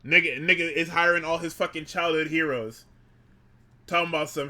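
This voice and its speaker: Excitable male podcast co-host, piercingly bright tone, swears freely, laughs a lot. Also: fairly high pitch, moderate pace. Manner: excitable, profane, laughs often. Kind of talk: casual wrestling podcast chat.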